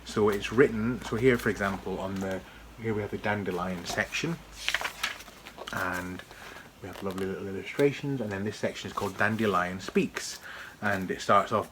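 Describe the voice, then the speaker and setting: A man's voice: lowish voice, fairly even intonation, moderate pace, a bit bright, slight background noise. A man giving an enthusiastic, chatty book review on video, talking with frequent restarts.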